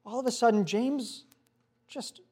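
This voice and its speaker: A young man giving a youth sermon, telling a story in a casual, animated way full of fillers. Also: very high-pitched, unhurried. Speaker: youth pastor.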